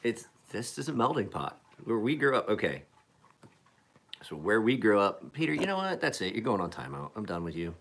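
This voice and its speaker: This knife-sharpening streamer is a man in his forties from Appalachian Pennsylvania who rambles, jokes and swears his way through a casual live-stream chat. He speaks at normal speed in a lowish, sing-song voice that's a bit bright.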